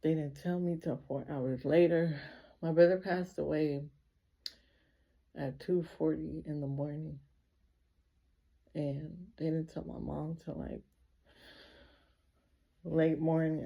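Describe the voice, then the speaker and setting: A woman's voice: low voice, fairly even intonation, takes it slowly, vocal fry, pauses often, mellow, breathy edge. A woman telling a personal story in a casual vlog, speaking emotionally and filling her sentences with repeated 'like'. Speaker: vlogger.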